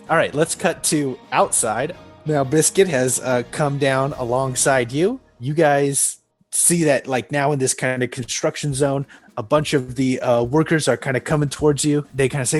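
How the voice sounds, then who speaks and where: A man narrating as game master, casual and halting, often laughing. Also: mid-range voice, soft background music.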